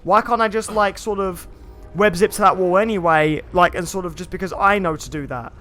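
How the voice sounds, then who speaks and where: A young man streaming a video game, chatting casually and excitably with lots of filler words as he plays. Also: high voice, fairly quick. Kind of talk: live gameplay commentary. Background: faint game music.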